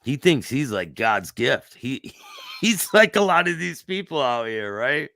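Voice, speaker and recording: A man hosting a casual chat, reacting with quick remarks and frequent laughter. His voice is bright and gravelly with a lively, swinging pitch, and he talks slowly. The sound is dry. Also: no room sound. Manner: laughs often, short reactions. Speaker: host.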